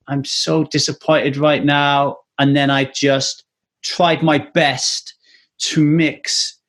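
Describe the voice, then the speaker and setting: A man hosting a casual interview, candid and swearing freely as he tells stories. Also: on the high side. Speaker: podcast host.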